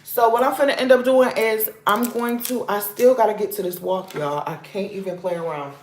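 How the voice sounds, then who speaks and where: A woman's voice: mid-range voice, fairly even intonation, normal speed, darkish tone. Emphatic woman giving advice, roomy echo. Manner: emphatic, repetitive, preachy. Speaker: vlog host. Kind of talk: casual advice talk to camera. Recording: roomy echoey room.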